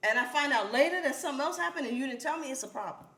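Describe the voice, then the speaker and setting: A woman's voice: high voice, expressive, very fast, a bit bright. A woman co-hosting a casual podcast chat, emphatic and repeating her points, laughing now and then. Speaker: podcast co-host. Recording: echoey room.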